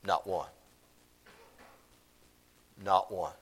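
A man's voice: low voice, fairly even intonation, very slow, slightly rough. A man, preaching a sermon in church, repeating his points for emphasis. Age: 50s. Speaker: pastor.

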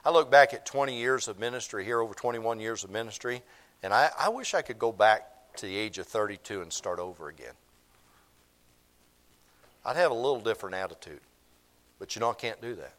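A man's voice: on the low side, expressive, a little fast, fairly bright tone. A man, preaching a sermon in church, repeating his points for emphasis. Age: 50s. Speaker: pastor.

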